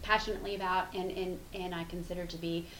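A woman's voice: fairly low pitch, steady tone, fast, a bit bright. A woman co-hosting a podcast in casual chat, frank and reflective, laughing easily and swearing casually. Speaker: podcast co-host. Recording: roomy sound with faint background hum.

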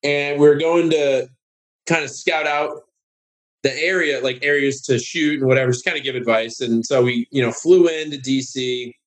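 On a casual podcast, a male guest tells a long story at normal speed, sarcastic and animated. He jumps into high voices to mimic other people.

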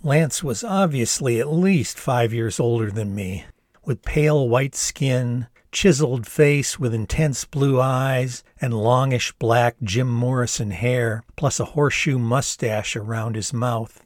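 Older guy in his 60s reading his memoir out loud, wry chatty storytelling, dry close sound. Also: medium pitch, slow pace, dry recording. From the United States. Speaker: author reading his own memoir-novel. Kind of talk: storytelling narration.

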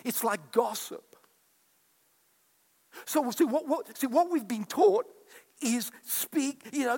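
A man's voice: very high voice, takes it slowly, long pauses. A man preaching a sermon to a congregation, acting out quoted voices and calling back to the crowd. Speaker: pastor. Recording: echoey hall with long reverb.

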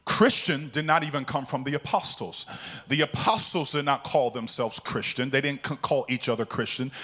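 A man, a pastor, preaching a sermon to his church. He swings between a sung, climbing preaching cadence and a calm, low teaching voice.

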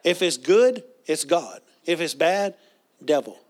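A man's voice: fairly high pitch, animated, measured pace. A man preaching a sermon, reading scripture and leading the congregation in call-and-response.

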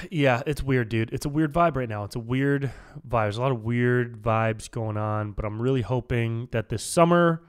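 A man's voice: medium pitch, smooth. Dude talking solo on his podcast, rambly, swears a lot, keeps saying dude. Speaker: podcast host. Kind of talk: casual solo podcast chat.

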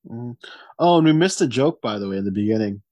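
A man's voice: mid-range voice, animated, quick pace, a little mellow, no room sound, lo-fi sound. A man co-hosting a podcast, joking about a TV episode in casual chat and acting out quotes. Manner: jokey, acts out quotes. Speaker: podcast co-host. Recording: dry sound.

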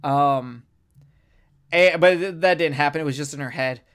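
A podcast co-host in a casual film review chat, talking in an animated, profane and rambling way. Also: mid-range voice, moderate pace, clear, resonant tone.

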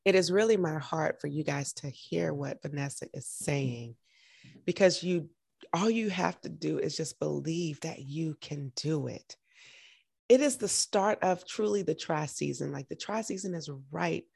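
A woman's voice: sits low, unhurried, creaky, a little mellow, slightly rough. A woman hosting a podcast, talking earnestly and emotionally to encourage beginners in a casual interview. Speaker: podcast host.

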